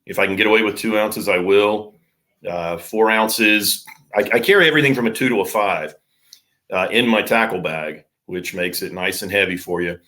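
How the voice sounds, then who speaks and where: Low-voiced man talking fishing gear. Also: moderate pace. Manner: relaxed, practical explaining with frequent fillers. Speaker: surf fishing charter captain. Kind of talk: casual podcast interview.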